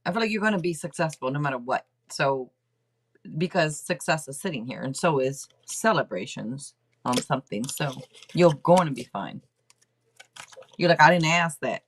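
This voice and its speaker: Brief: middle-aged woman, livestream tarot host, low-ish voice that swings up and down a lot, rambling self-talk. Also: expressive, moderate pace, slight background noise. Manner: rambling, chatty, talks out loud to herself. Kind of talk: casual livestream tarot reading.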